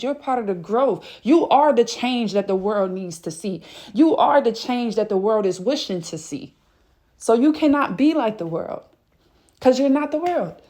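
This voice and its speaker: A woman's voice: on the high side, darkish tone. A woman giving a fervent spiritual reading, out of breath, swearing casually and exclaiming often. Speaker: spiritual reader.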